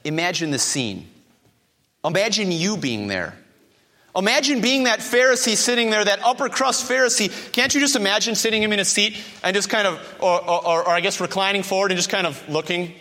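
A man's voice: high voice, animated, fairly quick, sharp tone. A male preacher delivering a sermon with emphatic repetition and rhetorical questions. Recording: long hall reverb.

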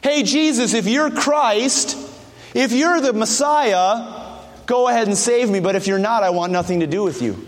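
A man's voice: high-pitched, normal speed, in a large hall, natural voice. A man voicing a desperate, mocking male criminal dying on a cross, who pleads to be saved. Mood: scornful. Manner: pleading, then scornful.

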